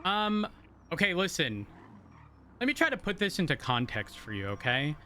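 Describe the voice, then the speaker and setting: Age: adult. Sex: man. Role: streamer. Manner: rambling, bright and somewhat high voice. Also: big pitch swings, moderate pace, slight background noise. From rural area, then a city. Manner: rambling, self-interrupting explanations. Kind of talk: casual chat with viewers while gaming.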